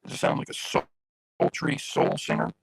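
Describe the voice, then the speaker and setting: A man with a raspy voice hosting a casual livestream, chatting loosely and directly to his viewers over a phone. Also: moderate pace, no echo, low-quality recording. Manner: rambling, chatty, talks straight to viewers. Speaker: livestream host.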